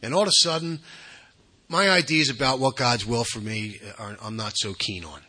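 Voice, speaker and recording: A man giving a candid personal talk at a recovery workshop, blunt and conversational, dropping to soft asides and then pushing out emphatic bursts. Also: medium pitch, moderate pace.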